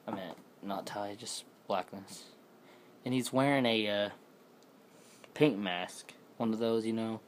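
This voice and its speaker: Slow, low-voiced man telling a scary story. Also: a little hiss or hum. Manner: rambling, self-correcting. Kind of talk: casual spoken scary story.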